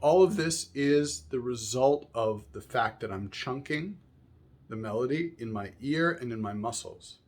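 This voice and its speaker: A man's voice: medium pitch, lively intonation, measured pace, a little mellow. Patient man teaching a music lesson. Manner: patient, explanatory, often asks "right?". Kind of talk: music lesson with sung examples.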